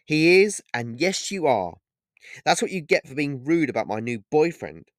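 A man's voice: fairly high pitch, very animated, a little slow, no echo, studio quality, pitched above the performer's own voice. A man voicing a cheerful young woman bartender who teases her regulars in a raised voice. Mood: teasing. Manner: gently teasing, bright raised voice.

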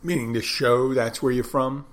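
A man's voice: medium pitch, fairly even intonation, moderate pace. A man talking in a loose, casual monologue, often breaking off and restarting his sentences as he thinks aloud. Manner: rambling, self-interrupting, conversational.

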